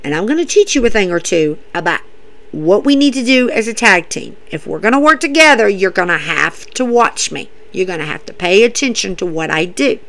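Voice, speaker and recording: A woman putting on the voice of a stern veteran man who quietly lays down the rules. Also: sing-song, fairly quick. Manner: low, quiet, commanding.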